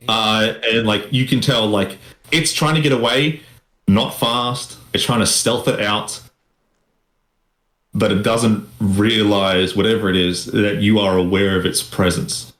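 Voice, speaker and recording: A young man narrating as game master, halting often on filler sounds as he describes the scene. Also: fairly low pitch, fairly even intonation, a bit bright. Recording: roomy echo.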